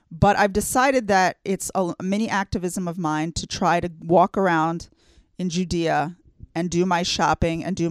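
A woman's voice: on the low side, no echo. A woman co-hosting a talk show, speaking earnestly and conversationally, with frequent fillers as she thinks. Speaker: co-host. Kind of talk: casual chat.

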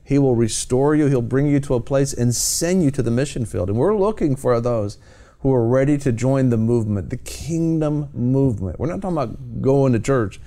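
A man's voice: mid-range voice, expressive, normal speed, mellow. A man hosting a Christian television program, talking about faith in a fervent, exhorting preacher's cadence. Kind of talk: evangelistic TV talk.

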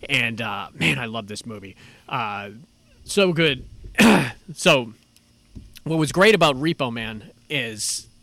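A man's voice: medium pitch, expressive, slow pace, pushed and bright, no echo. A man co-hosting a casual chat, talking in an eager, opinionated way. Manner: enthusiastic, opinionated, loose. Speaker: podcast co-host.

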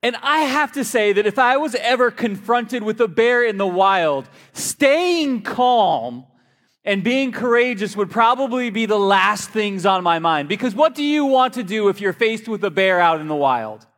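A man's voice: sits high, unhurried. Man preaching in a reverberant church. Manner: lively, joking storyteller. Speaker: pastor. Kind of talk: sermon. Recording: long hall reverb.

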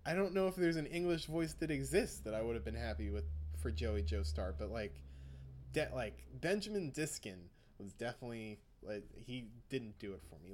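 A man's voice: medium pitch, a little mellow. A young man co-hosting a podcast in casual chat, rambling and laughing often. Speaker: podcast co-host.

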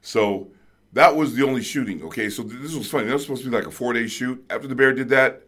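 A middle-aged man telling a story as a guest in casual chat, excitable and halting, acting out voices and sounds. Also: medium pitch.

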